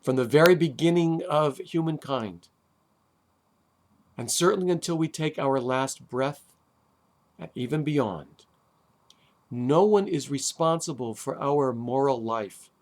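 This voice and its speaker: A man, a rabbi, giving a sermon on the weekly Torah portion, deliberate with dramatic pauses and wry asides. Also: mid-range voice, a little mellow. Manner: deliberate, with long dramatic pauses and emphatic stresses.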